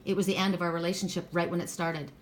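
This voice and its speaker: A woman's voice: fairly low pitch, flat delivery, fast, slight background noise. A middle-aged woman giving a casual tarot card reading, blunt and emphatic, who swears freely.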